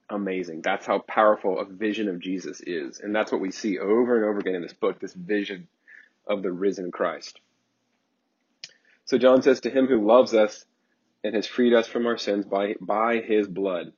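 Fervent preacher man, husky and low. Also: moderate pace. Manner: fervent and emphatic, with repeated phrases and frequent ums. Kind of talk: sermon. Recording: dull lo-fi sermon recording.

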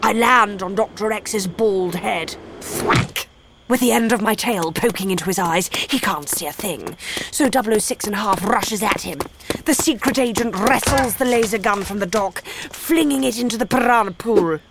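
A woman reading a children's story aloud in an animated, gleeful, theatrical way. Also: medium pitch, moderate pace, very noisy. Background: music.

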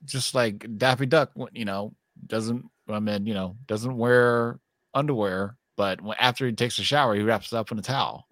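A man with a low voice co-hosts a casual chat. He rambles and drifts into jokey asides. The sound is dry and close. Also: moderate pace, a bit bright, no room sound. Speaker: co-host.

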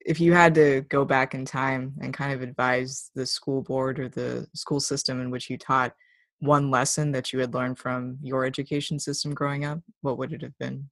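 Gravelly-voiced relaxed male interviewer. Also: mid-range voice, moderate pace, no room sound. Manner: relaxed, laughs easily, brief backchannels. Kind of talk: casual interview conversation.

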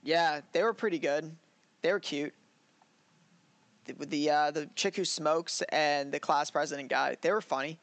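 A man's voice: a little high, normal speed, fairly bright tone, no echo. A man co-hosting a loose, chatty review of anime episodes. He rambles, laughs often and acts out the scenes he describes. His voice sounds dry and close, with no room around it. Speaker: podcast co-host. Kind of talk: casual anime review chat.

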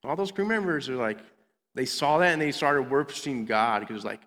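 A children's minister with a medium-pitched, fairly bright voice and a moderate pace gives a playful Bible lesson to kids. He acts out the characters in little voices, and the recording carries a long hall reverb.

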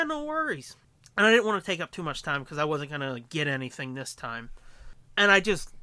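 A man co-hosting a podcast, telling a story in casual chat, animated and profane, acting out quotes. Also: a little high, dry recording. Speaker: podcast co-host.

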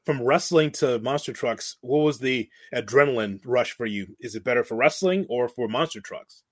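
A man interviewing a guest, asking soft, curious questions. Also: medium pitch, normal speed, no echo, clean studio sound.

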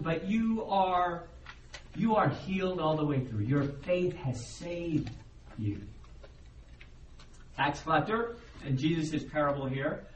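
A man preaching a sermon as the pastor, in a conversational, animated way, and he acts out the voices of the people he quotes. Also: high-pitched. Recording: roomy echo, heard from a distance, faint background noise.

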